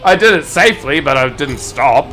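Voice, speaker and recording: Rambling New Zealand streamer, bright voice. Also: male voice, fairly high pitch, expressive, moderate pace, soft background music. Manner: rambling, swears casually, self-correcting. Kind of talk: casual storytelling while gaming.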